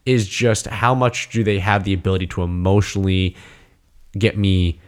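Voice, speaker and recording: A man chatting casually, telling rambling, profane, animated stories. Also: low voice, normal speed. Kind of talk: casual chat.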